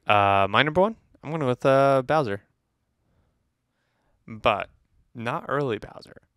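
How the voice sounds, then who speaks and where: A man's voice: mid-range voice, lively intonation, unhurried, a bit bright, no room sound, studio quality. A man co-hosting a movie review podcast, chatting casually and teasing his co-host in a loose, rambling way.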